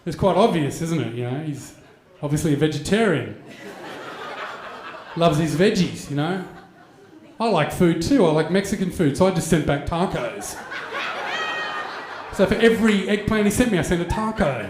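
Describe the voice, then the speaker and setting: A man in his forties tells a crude stand-up story with a high voice. He is animated and jumps into mock voices. The sound is roomy, as in a live venue. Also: moderate pace, pauses often, noisy background. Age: 40s. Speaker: stand-up comedian. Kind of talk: stand-up comedy set. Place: stage in a venue with an audience.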